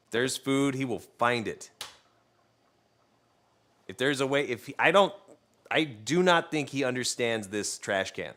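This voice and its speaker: A man's voice: medium pitch, animated, a little slow, pauses often, a bit bright. A man talks loosely to his live-stream viewers while he cooks. He tells jokey stories and teases his dog, in an ordinary mid-range voice. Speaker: cooking streamer. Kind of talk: casual live-stream chat while cooking.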